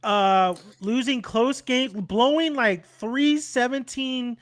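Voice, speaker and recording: High-voiced young man chatting football. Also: slow pace, a bit bright. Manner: rambling, laughing, swearing freely. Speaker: channel host. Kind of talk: casual chat about football.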